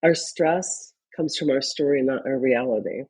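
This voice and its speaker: A woman guest on a podcast interview who talks in animated, example-driven stories. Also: a bass voice, moderate pace, breathy edge. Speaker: guest, leadership consultant.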